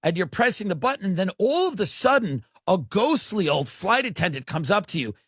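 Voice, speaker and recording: A man's voice: high voice, big pitch swings, a little fast, a bit bright, breathy edge, no room sound, studio quality. A man delivering a rambling, satirical comedic monologue about politics. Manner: rambling, satirical, slips into mocking voices.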